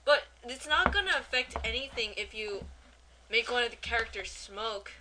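A young woman co-hosts an amateur podcast in a slightly high voice. Her tone is very bright. She makes blunt, offhand remarks in easy conversation. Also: expressive, moderate pace, rough recording. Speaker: podcast co-host. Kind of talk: casual podcast chat.

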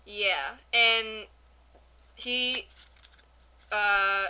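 A woman co-hosting a podcast, chatting casually and retelling an anime plot in a rambling, animated way with voiced quotes. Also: medium pitch, drawn-out words, background noise. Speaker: podcast co-host. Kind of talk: casual anime review chat.

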